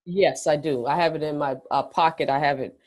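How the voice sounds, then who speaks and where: A woman's voice: sits low, fairly even intonation, fairly quick, a little mellow. A woman on a coaching call, earnest and agreeable, often answering in short replies. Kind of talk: casual chat on a call.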